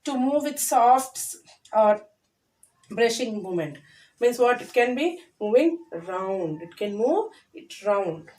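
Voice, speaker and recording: A woman teacher who reads a story aloud to children, then retells each line in simpler words with lively emphasis. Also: on the high side, recorded from a distance, rough recording.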